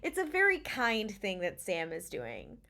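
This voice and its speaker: A woman co-hosting a podcast, chiming in with quick emphatic reactions in casual chat. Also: medium pitch, huge pitch swings, vocal fry, sharp tone. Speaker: podcast co-host.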